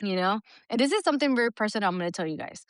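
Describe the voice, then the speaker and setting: A woman's voice: medium pitch, animated, very fast, no echo. A middle-aged woman co-hosting a podcast in casual chat, talking bluntly with plenty of swearing and frequent laughter. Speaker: podcast co-host.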